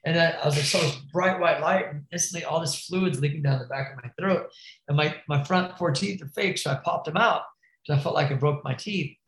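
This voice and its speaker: A man with a somewhat high voice tells a gnarly crash story in loose, animated slang, peppered with bro, dude and curses. His voice rings in a roomy, echoey space. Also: brisk. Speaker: podcast guest, BMX rider. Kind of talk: casual storytelling.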